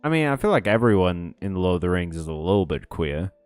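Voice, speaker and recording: A man's voice: deep voice, big pitch swings, fast, darkish tone, smooth, no echo, soft background music. A man streaming a video game, chatting casually and reading out chat, with sarcastic asides and plenty of swearing. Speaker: gaming streamer. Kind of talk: casual let's-play commentary reading chat.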